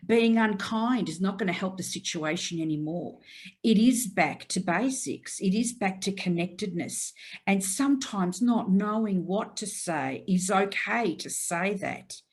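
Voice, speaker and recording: A woman interview guest speaking earnestly and reflectively in a heartfelt way. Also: medium pitch. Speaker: guest, mental health consultant. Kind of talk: interview conversation.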